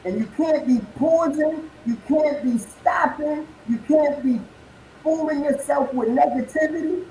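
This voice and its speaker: A man delivers a motivational pep talk and climbs from calm to fiery in the manner of a preacher. His tone is mellow and warm, recorded in a roomy, echoing space with a faint hum of noise behind him. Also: very high-pitched, measured pace. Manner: builds from calm to fiery, preacher-like, rhetorical questions. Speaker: motivational speaker guest. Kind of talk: motivational speech.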